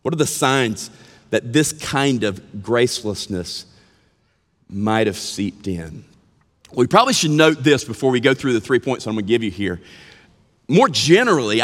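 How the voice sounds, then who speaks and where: A man preaching a sermon, his delivery unhurried and earnest as he leans into key words. His pitch rises and falls expressively, and his voice rings out with a long reverb through a church sanctuary. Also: fairly bright tone. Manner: earnest, drawn-out emphatic phrasing; mimics whiny complaints playfully. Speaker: pastor. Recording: long reverb of a large hall.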